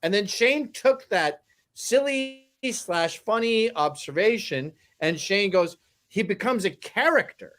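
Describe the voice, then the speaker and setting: Male panelist, animated casual banter, wide pitch swings. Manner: animated, does quick impressions of others. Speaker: comedy commentator. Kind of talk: casual chat.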